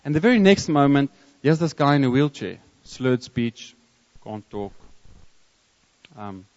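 Man, South African accent, preacher, storytelling sermon, halting restarts, mid pitch, muffled lo-fi sound. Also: very animated, darkish tone. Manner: storytelling, reflective, with many restarts and pauses. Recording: long hall reverb, dull lo-fi sound.

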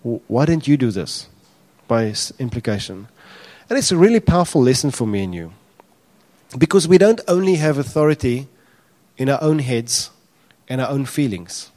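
Male pastor, lively sermon delivery that jumps loud on acted-out quotes. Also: medium pitch, moderate pace. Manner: animated, acts out quotes with raised voice.

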